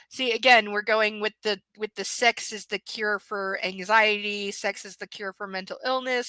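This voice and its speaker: Female live-stream book reader with a crisp, forceful tone. Sarcastic running commentary, occasional whispered passages. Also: mid-range voice, no room sound, low-quality recording. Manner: sarcastic, mocking asides. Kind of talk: reading a novel aloud with commentary.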